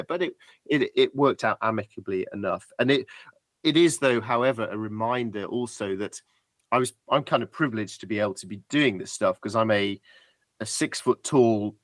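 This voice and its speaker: A man's voice: mid-range voice, no room sound. A British man, a guest on a podcast, telling stories in a reflective, polite and chatty way. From Britain. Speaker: guest adventurer. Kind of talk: casual podcast interview.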